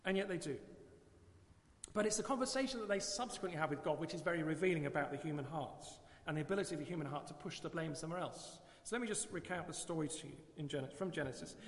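Man, preacher, earnest sermon, fairly high voice, roomy church sound, rhetorical questions. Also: fast. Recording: live church recording with long hall reverb.

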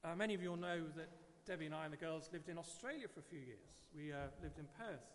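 A man's voice: on the high side, fast, a little hiss or hum. A middle-aged man with an English accent preaching a sermon in a conversational, digressive way, often repeating words as he goes. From England. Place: church. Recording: church hall reverb.

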